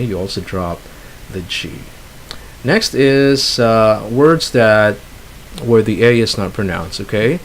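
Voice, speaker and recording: A man with a fairly low voice gives a relaxed pronunciation lesson, working through words one at a time with easy fillers. A faint hiss sits under the recording. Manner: relaxed, explains with fillers and asides. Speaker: English pronunciation trainer. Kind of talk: casual online lesson.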